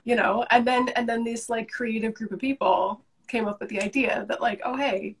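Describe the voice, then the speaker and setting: A woman's voice: a little high, steady tone, normal speed, breathy edge. A young Canadian woman chatting as a guest on a live video call, enthusiastic and talkative. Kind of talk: casual chat.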